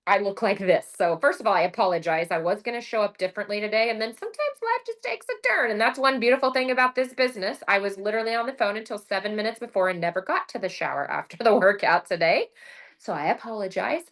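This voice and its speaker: On a video call, a middle-aged woman tells her sales story at a quick pace in a casual motivational talk, her voice medium-pitched. She brings lively energy, acts out what she said, and frequently drops in "like" and "right?".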